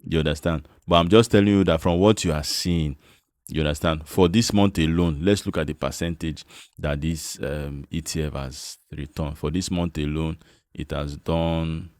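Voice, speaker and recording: A Nigerian man with a very deep, low voice talks through a casual tutorial. His delivery is chatty and coaxing, checking in with his listeners again and again. The sound is close and dry, with no room echo. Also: fairly even intonation, normal speed, darkish tone. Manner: chatty, repeats "you understand?", coaxing. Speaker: investment channel host. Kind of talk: casual screen-share finance tutorial.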